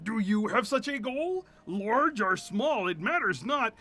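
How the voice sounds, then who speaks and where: A man voicing a kindly, solemn male sage who speaks in a measured, formal way. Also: very high voice, very animated, sharp tone, voice pushed up, heavily acted. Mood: solemn, earnest. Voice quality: measured, formal, slow delivery. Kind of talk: game dialogue read aloud in voices.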